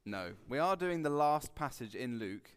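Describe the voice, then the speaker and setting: A man giving a relaxed, conversational sermon, joking and acting out quotes with sudden loud bursts. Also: mid-range voice, moderate pace, smooth. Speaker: preacher. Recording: long hall reverb.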